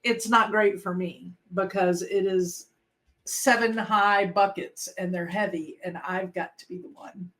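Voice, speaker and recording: A woman's voice: mid-range voice, steady tone, unhurried, a bit bright, poor audio. A middle-aged woman co-hosting a podcast, chatting casually and rambling with lots of fillers. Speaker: podcast co-host. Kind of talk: casual chat.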